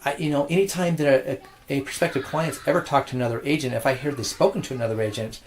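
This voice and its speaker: A man's voice: medium pitch, fast talker. Middle-aged male real estate agent, casual storyteller, restarts often, mid-range voice, faint noise behind. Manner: rambling, frequent restarts and repeated words.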